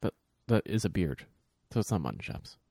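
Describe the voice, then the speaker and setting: A man's voice: deep voice, very animated, a little fast, gravelly, dark tone, no room sound, studio quality. A man co-hosting a podcast, chatting casually with wry humor and throwing in silly voices. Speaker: podcast co-host. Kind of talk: casual chat.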